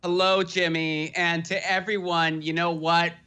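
Guy comedian w a high sharp voice, mocking and sweary, podcast rant. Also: flat delivery, unhurried, clean tone. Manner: mocking, profane, sarcastic. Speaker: comedian guest.

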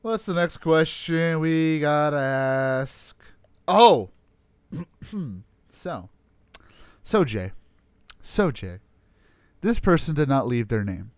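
Foul-mouthed, animated podcast host, a man. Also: on the high side, slow, pauses often, clear, resonant tone, no echo. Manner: swears a lot, animated, laughs easily. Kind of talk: casual chat.

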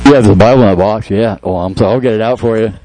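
A man's voice: fairly low pitch, racing, background noise. A man preaching to a congregation, acting out a comic skit and chatting with people in the room. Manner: animated, jokey, talks to congregation. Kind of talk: sermon with acted skit.

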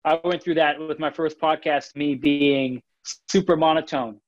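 Male podcast co-host, casual and animated, slightly dull lo-fi sound. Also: on the high side, normal speed. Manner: animated, restarts phrases, reads listener comments.

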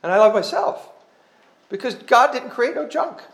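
Addressing a church congregation, a man with a very high, a bit bright, expressive voice offers his personal testimony at a normal speed. He's earnest yet conversational, jokes at his own expense, and rambles, often starting his sentences over.

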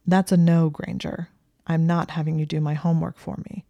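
A woman reading the part of a cold young male student who speaks slowly and precisely, with a growl, in a low, dark voice. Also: flat delivery, no room sound. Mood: cold, curt.

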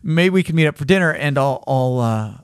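A man's voice: fairly high pitch, brisk, clear, resonant tone, no room sound, clean studio sound. A middle-aged man on a podcast telling a long personal story in casual chat, acting out the voices of the people in it. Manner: animated, acts out voices in his story.

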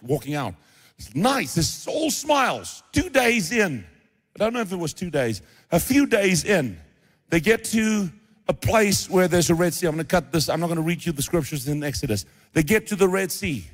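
Animated pastor, echoing hall. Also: male voice, fairly high pitch. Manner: animated storytelling, acting out voices of biblical figures. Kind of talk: sermon.

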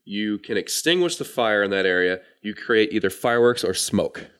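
A man's voice: lowish voice, animated, moderate pace, a bit bright, clean tone. A man playing a tabletop role-playing game, explaining his spell and its rules in a plain way. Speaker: player.

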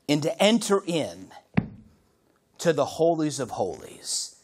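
A middle-aged man preaching a sermon as pastor, swinging from loud, animated bursts to hushed, near-whispered moments. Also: on the high side, slow, long pauses, slightly rough.

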